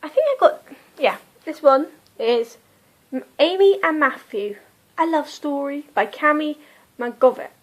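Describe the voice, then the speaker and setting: Chatty high-voiced British young woman. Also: expressive, a little slow, rough recording. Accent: British English. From Britain. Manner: chatty, rambling, self-interrupting. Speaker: book reviewer. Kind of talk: casual book review vlog. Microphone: phone camera.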